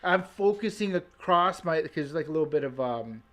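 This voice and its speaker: A man's voice: fairly high pitch, lively intonation, moderate pace, a bit bright. A man hosting a podcast, telling stories in loose casual chat, full of fillers and swearing. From Canada. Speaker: podcast host.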